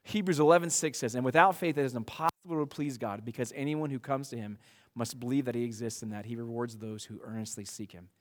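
A man preaching a sermon to his church in a conversational, animated way, with frequent asides. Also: mid-range voice, fast, long reverb tail. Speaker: pastor.

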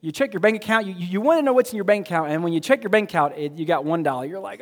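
A man's voice: high voice, animated, racing, long reverb tail. A man preaching a sermon as pastor, talking casually, repeating himself and asking his congregation questions. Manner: conversational, repeats words, asks the congregation questions. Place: church sanctuary.

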